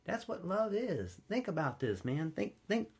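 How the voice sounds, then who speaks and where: A man preaching a sermon in a relaxed, conversational way, telling personal stories with big swings between loud high peaks and low quiet passages. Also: measured pace. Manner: informal storytelling, wide swings in pitch and loudness, drops low and quiet for stories.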